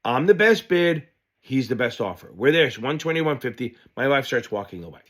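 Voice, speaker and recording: A man teaching exam material by telling a rambling personal anecdote. He talks in an animated, offhand way and drops the odd curse. His voice sits at an ordinary, middle pitch. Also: a little fast. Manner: animated storyteller, loose and profane. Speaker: exam prep tutor. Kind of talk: casual lesson told through a personal anecdote.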